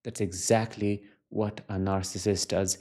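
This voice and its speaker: A man with a lowish, darkish voice speaks unhurriedly and with little pitch movement. Hosting his own self-help channel, he tells personal stories to camera in an earnest, reflective monologue punctuated by emphatic questions.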